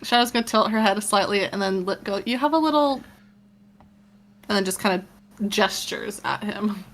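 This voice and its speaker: A woman's voice: mid-range voice, steady tone, a little fast. A woman playing her character in a tabletop game, in a casual, amused way. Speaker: player. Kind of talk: tabletop role-play.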